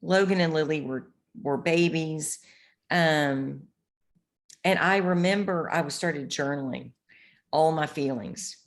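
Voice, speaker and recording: A woman's voice: low-pitched, slow pace. A middle-aged woman co-hosting a podcast, chatting casually and telling candid stories, swearing freely. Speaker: podcast co-host. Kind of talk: casual chat.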